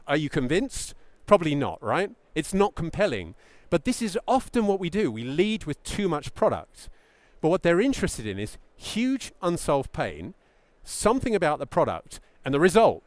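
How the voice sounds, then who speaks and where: A middle-aged man coaching founders from the stage, his voice sitting a bit high and swinging widely in pitch as he stresses key words. The sound is dry and close, with no room echo. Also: moderate pace, few pauses. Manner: animated, emphatic, acts out mock founder quotes. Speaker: pitch coach giving a talk. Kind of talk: presentation talk to founders.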